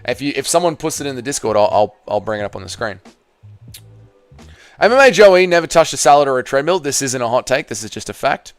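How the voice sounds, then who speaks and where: A man's voice: mid-range voice, big pitch swings, fast, dry recording, faint music behind. A man hosting a casual livestream, reading out viewer comments and answering in a blunt, sarcastic way while swearing freely. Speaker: livestream host.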